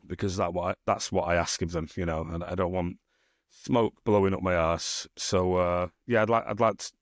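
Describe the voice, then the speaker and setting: Low-voiced northern English man, swearing casually. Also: steady tone, normal speed, no echo, clean studio sound. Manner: rambling, swears freely, teasing. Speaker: podcast co-host and self-published author. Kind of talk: casual podcast chat.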